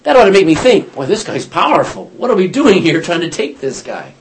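A man leads an informal Bible study, telling its stories chattily, acting out the lines, laughing, and correcting himself as he goes. His voice sits high and moves fairly quickly, with a little hiss or hum in the background.

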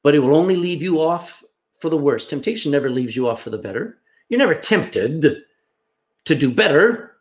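A male pastor delivers a sermon with a slightly high voice. His pitch leaps and falls in lively swings, and he moves from forceful emphasis to hushed, near-whispered asides. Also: moderate pace. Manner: animated preaching, swings between loud emphasis and hushed asides.

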